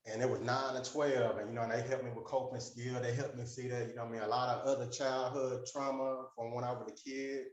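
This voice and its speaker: A man with a medium-pitched, flat voice talks fast with few pauses, recorded muffled in an echoey room. He's a support group member telling a long personal story, rambling with plenty of fillers and acting out the conversations he remembers.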